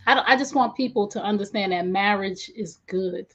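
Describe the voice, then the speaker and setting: A woman's voice: medium pitch, fairly quick. A woman hosting a relationship talk as a coach, emphatic and preacherly. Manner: emphatic, preacherly, exclaims often. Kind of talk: animated interview chat. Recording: dull lo-fi audio.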